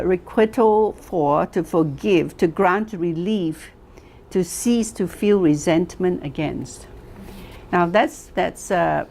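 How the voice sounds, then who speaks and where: A woman teaching a class, telling stories slowly and deliberately, asking rhetorical questions and repeating phrases for emphasis. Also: fairly low pitch, a little mellow, a little hiss or hum. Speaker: wellness teacher. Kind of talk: lecture to a class.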